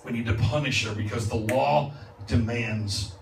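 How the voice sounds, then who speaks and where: Man preaching in a church, mid pitch, boomy room, mic kinda far off, hiss underneath. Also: measured pace, vocal fry. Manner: builds from calm teaching to loud, laughing exclamations. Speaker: guest preacher. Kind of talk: revival sermon. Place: church sanctuary. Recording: echoey church, distant mic, noisy. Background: congregation responding.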